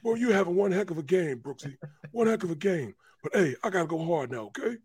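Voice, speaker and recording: A man's voice: sits high, animated, fast, a little mellow, husky. A man putting on the voice of a genial, folksy pro football lineman, drawling and friendly. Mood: friendly warning. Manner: drawling, friendly, repeats a nickname.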